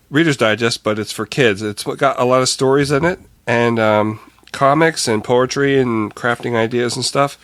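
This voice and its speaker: A man's voice: medium pitch, a bit bright, no room sound. A man co-hosting a podcast, chatting casually, hesitant with many fillers and easy laughs. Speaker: podcast co-host. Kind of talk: casual chat.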